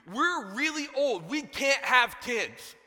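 A man's voice: very high voice, big pitch swings, takes it slowly, pushed and bright, in a large hall, voice pushed up, exaggerated voice. A preacher voicing a doubtful, exasperated old man in a casual modern way.

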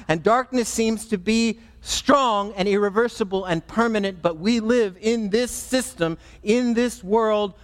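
Animated man preaching a sermon. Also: high voice, in a large hall. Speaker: pastor.

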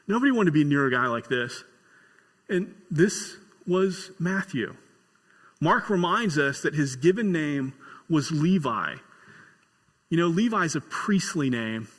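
A male pastor delivers a story-driven sermon with homespun humor and bursts of excited emphasis. His voice sits somewhat high for a man, and a long church reverb hangs after each line.

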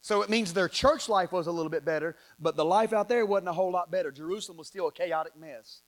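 A Southern American man preaching a sermon with a high, ringing voice. He reads scripture aloud and jokes with his congregation, swinging between loud bursts and soft asides. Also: quick pace. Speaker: pastor.

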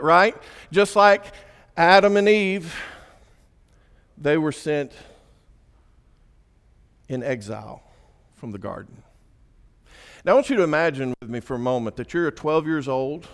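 A man preaching a sermon, swinging between hushed and emphatic delivery. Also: fairly high pitch. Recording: echoey church hall.

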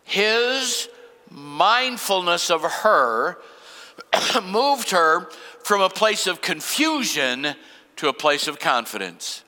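An older male pastor preaching with a high, bright voice that carries through a long hall reverb. He slows down and pauses for emphasis, and his delivery is earnest. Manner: dramatic pauses and slowed emphasis. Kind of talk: sermon.

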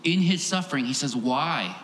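Preaching in a big church hall whose long reverb fills the recording, this pastor is emphatic and earnest, repeating phrases for effect. His voice sits at medium pitch, expressive and a bit bright, moving a little slowly over slight background noise.

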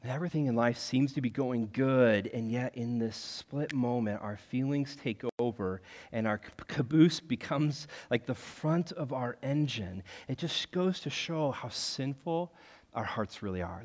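A man preaching a sermon in an animated, conversational way, leaning on the word "like" as he talks. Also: mid-range voice, a little slow, big-room sound. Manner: animated, conversational, heavy use of filler "like". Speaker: pastor.

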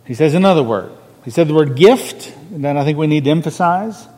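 A minister preaching a sermon from a podium, earnest and conversational, stressing key words. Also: male voice, on the high side, animated, brisk, warm tone, in a large hall. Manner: earnest, conversational preaching with restarts and rising emphasis. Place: church sanctuary on a raised podium.

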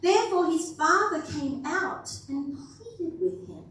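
A high-voiced woman pastor preaching to her church in an easy, chatty manner and quizzing the room as she goes. Her voice bounces around a large, very echoey hall and is picked up from a distance. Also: animated, slow pace, fairly bright tone. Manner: conversational and playful, asking the room questions. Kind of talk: sermon.

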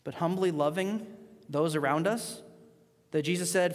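Emphatic high-voiced male pastor. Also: animated, fairly quick, long reverb tail. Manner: emphatic, swings between loud rising points and quiet asides. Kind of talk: sermon.

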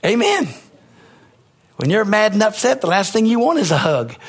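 A man's voice: sits high, wildly swooping pitch, moderate pace, slightly rough. A man preaching a sermon as pastor, emphatic and calling out to his congregation for responses.

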